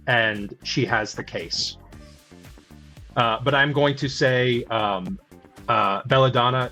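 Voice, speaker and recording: A man narrating a tabletop game as game master, with many halting filler sounds. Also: mid-range voice, a bit bright.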